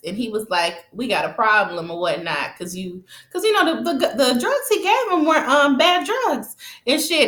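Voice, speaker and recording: Animated woman recapping a TV episode. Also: fairly high pitch, echoey room. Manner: animated storytelling with sound effects and laughter; talks straight to viewers in slangy casual speech. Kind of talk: casual TV recap chat.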